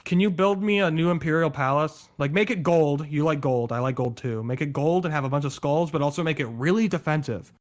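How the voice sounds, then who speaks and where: A man's voice: a little high, fairly quick, hardly any pauses, close to an everyday voice. A man voicing a boastful emperor who gives orders in a casual, offhand way. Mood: demanding.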